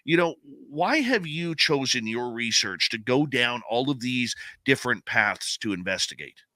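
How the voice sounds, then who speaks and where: A man hosting an interview, asking quick, probing questions. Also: medium pitch, animated, pushed and bright, dry recording. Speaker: host.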